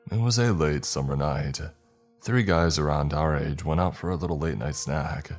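A man with an extremely deep voice reads a first-person horror tale. He keeps an even, measured storytelling pace throughout. Faint music plays quietly underneath. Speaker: narrator. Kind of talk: scripted horror story narration.

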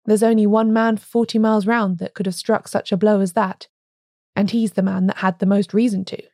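A woman's voice: medium pitch, flat delivery, brisk, mellow, dry recording, studio quality, lightly acted. A woman reading as a blunt, obstinate village cobbler who mutters his accusations.

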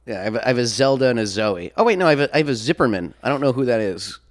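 A man hosting a podcast in casual chat, laughing often, halting and restarting, swearing casually. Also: mid-range voice, animated. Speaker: podcast host.

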